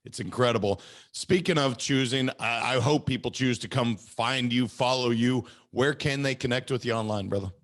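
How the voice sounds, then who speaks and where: A man's voice: medium pitch, normal speed. Enthusiastic male podcast host. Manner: enthusiastic, warmly encouraging. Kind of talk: upbeat podcast hosting.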